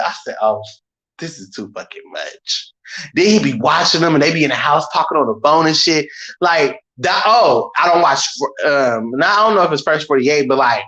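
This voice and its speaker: Man around thirty, casual vlog rant, slightly high voice, dull lo-fi sound, loud and theatrical. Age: about 30. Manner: animated, profane, dramatic, imitates screams. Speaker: vlogger.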